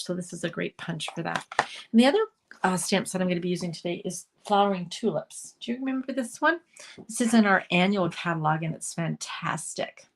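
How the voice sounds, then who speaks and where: A woman's voice: fairly low pitch, slight background noise. A woman with a mild head cold, chatting through a live card-making demonstration and greeting viewers by name. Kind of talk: live craft demo chat.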